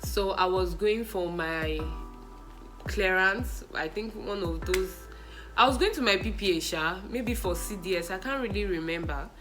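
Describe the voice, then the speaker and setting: A young Nigerian woman tells funny stories to camera with a bright, crisp voice. She talks in an animated way and keeps breaking into laughter and exclamations. Soft music plays faintly behind her. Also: medium pitch, a little slow, low-quality recording. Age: young adult. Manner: animated, laughing, mixes in pidgin and Yoruba exclamations. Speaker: vlogger. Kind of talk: casual storytelling vlog.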